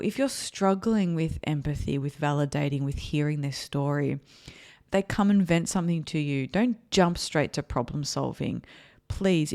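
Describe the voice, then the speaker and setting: A woman's voice: lowish voice, darkish tone. A woman therapist hosting an advice podcast, speaking earnestly and repeating her key points for emphasis.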